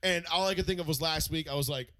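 A man in casual sports chat, telling stories with animated swearing and many restarts. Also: fairly high pitch, quick pace, no room sound. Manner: animated, profane storytelling with lots of restarts.

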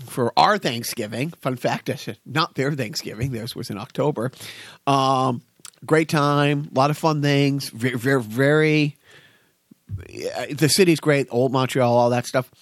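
A man's voice: medium pitch, unhurried, no echo, studio quality. An American man co-hosting a podcast in casual chat, rambling and joking with profanity and many stammered restarts. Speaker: podcast co-host.

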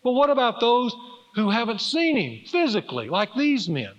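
A man's voice: very high-pitched, wildly swooping pitch, moderate pace. A middle-aged man, a pastor, preaching an earnest, emphatic sermon in a church sanctuary. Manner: earnest, emphatic preaching with rising and falling force. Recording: dull reverberant church recording.

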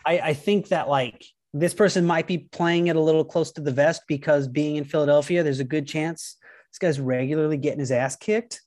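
A man co-hosting a casual comedy chat, speaking haltingly with restarts and adding deadpan absurd details. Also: a little high. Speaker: podcast co-host.

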